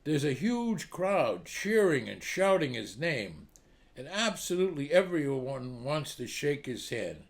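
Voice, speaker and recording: A man hosting a comedy show, telling long joke stories in a lively storytelling way. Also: on the high side, measured pace. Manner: animated joke delivery with acted voices. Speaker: comedy club host telling jokes. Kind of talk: storytelling jokes.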